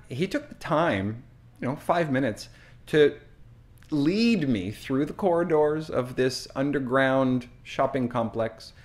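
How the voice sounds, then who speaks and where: A man who teaches English, telling a story slowly and deliberately as a lesson and acting out the quotes. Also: mid-range voice. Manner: slow, deliberate, acts out quotes.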